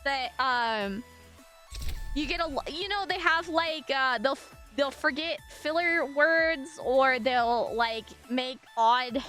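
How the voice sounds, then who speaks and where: A young woman from the US Northwest, a streamer chatting casually with viewers, animated and chatty with lots of fillers and casual swearing. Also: sits high, slow pace, faint music behind. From US Northwest, raised in Washington and Montana. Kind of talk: casual chat with viewers while gaming.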